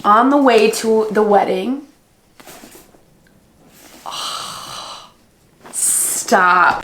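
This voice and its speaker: A woman's voice: on the high side, roomy sound, a little hiss or hum. A young woman in her twenties chatting casually in a vlog, gushing and full of fillers as she unboxes things. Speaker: book vlogger.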